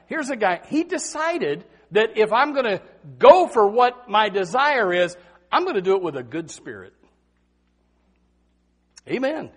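A man preaching a sermon in a folksy, animated way, swinging between loud and soft and saying amen often. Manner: folksy, animated preaching with big swings in pitch and loudness, frequent amens.

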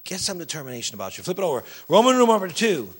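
A man preaching a sermon, emphatic and animated, addressing the congregation directly. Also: sits high, quick pace, slightly rough.

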